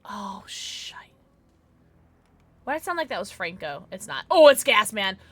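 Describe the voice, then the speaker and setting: A woman streamer giving excitable, chatty live gameplay commentary, often gasping and teasing playfully. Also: medium pitch, fast talker. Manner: playful mock-polite teasing.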